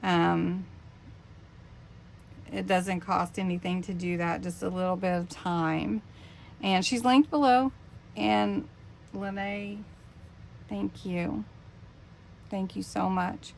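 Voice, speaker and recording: A woman in her fifties hosting a casual craft unboxing vlog, emotional and gushing, with halting pauses. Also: mid-range voice, fairly even intonation, a little mellow, a little hiss or hum. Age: 50s. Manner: emotional, gushing, breathy exclamations. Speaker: craft channel host.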